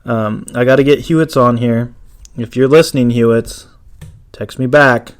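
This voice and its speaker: Brief: male podcast host, casual solo chat, mid-pitched voice, loose and rambling. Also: normal speed. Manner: rambling, many fillers and restarts.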